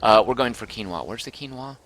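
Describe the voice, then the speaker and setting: A man's voice: medium pitch, animated, brisk, a bit bright, a little hiss or hum. A man casually commenting as he streams a game, thinking aloud and reading out viewer comments.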